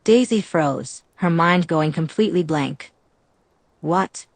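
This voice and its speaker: Low-voiced woman narrating an audiobook. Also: moderate pace, dry recording. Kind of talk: scripted narration.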